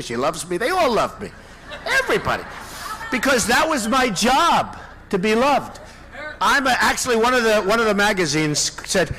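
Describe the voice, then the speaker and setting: In a low-quality recording from a large indoor venue, a presidential candidate in his sixties delivers a rally speech in a high, slightly bright voice. His talk is rambling and repetitive, sprinkled with boasts.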